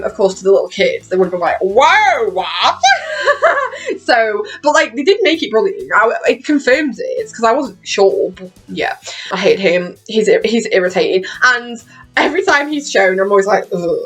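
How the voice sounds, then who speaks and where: A woman's voice: mid-range voice, breathy edge. A young British woman with a British accent, chatting casually on her vlog, laughing often and swearing freely. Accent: British English. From Britain. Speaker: vlogger. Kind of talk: casual chat about a TV show.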